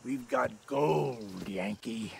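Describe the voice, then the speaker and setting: An actor voicing a bitter, scheming Scottish landowner in a video game, speaking with contempt. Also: male voice, medium pitch, drawn-out words, a little mellow, a little hiss or hum. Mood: scornful, scheming. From Scotland. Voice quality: gravelly, contemptuous.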